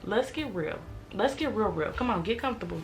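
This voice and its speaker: A woman's voice: mid-range voice, expressive, a little fast. A woman in her twenties talking earnestly and reflectively to her viewers in a candid sit-down vlog. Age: 20s. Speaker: vlogger. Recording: roomy echo, faint noise.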